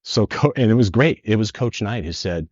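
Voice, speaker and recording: A middle-aged man from San Francisco, a podcast guest, telling a personal story in an earnest, animated way. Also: lowish voice, normal speed, breathy edge, dry recording. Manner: earnest, animated retelling with acted quotes. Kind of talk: emotional storytelling. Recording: dull lo-fi dry podcast audio.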